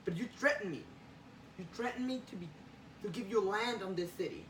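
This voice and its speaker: A man's voice: high-pitched, fairly quick, a bit bright, slight background noise. A man voicing a bitter, grieving middle-aged newspaper boss who speaks bluntly and accusingly, recorded in a roomy space far from the mic.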